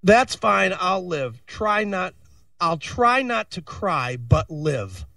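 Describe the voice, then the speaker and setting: A man's voice: high voice, sing-song, takes it slowly, creaky, sharp tone, no room sound, clean studio sound, distant mic. A man co-hosting a casual radio talk show, recounting a personal story with swearing, just getting over an illness. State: recovering from illness. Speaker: co-host.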